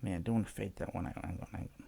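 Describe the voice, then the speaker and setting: A man's voice: deep voice, steady tone, racing, creaky, dark tone, husky. A man hosting a casual music app demo, chatting and thinking aloud as he works, often restarting his phrases. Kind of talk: casual tutorial talk-through.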